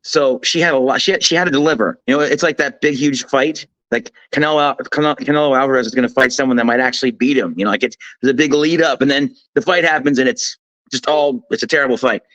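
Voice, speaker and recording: A man talking as a guest commentator on a political talk show, emphatic and animated, telling things as a story with frequent restarts. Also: mid-range voice, fast talker, no echo, poor audio.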